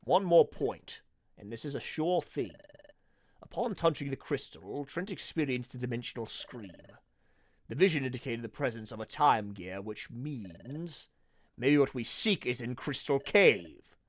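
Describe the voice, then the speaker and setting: Dusknoir, a man doing a measured ghost mentor. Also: medium pitch, lively intonation, dry recording. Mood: calm, reasoning. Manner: measured, reasoning aloud. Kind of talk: voicing game dialogue.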